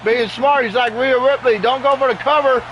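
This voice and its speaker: A man giving excitable play-by-play commentary over a wrestling video game at home, often exclaiming in alarm. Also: extremely high pitch, normal speed, highs cut off, a little hiss or hum. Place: home with sleeping dogs nearby.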